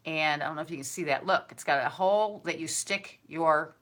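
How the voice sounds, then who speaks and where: Gushing woman with a bright voice. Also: low-pitched, brisk. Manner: gushing, chatty, effusive. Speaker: craft and decor vlogger. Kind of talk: casual chat unboxing viewer gifts.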